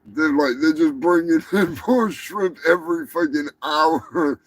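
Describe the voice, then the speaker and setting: A man's voice: a little high, measured pace, no echo, poor audio. Profane, rambling male live-stream host. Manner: profane, rambling, laughs mid-sentence. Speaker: show host. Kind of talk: live comedic news rant.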